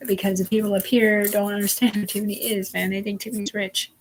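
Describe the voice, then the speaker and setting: A woman's voice: medium pitch, little pitch movement, fast, a little hiss or hum, poor audio. A woman hosting a livestream, telling a rambling, profane story and often dropping to a whisper. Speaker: livestream host.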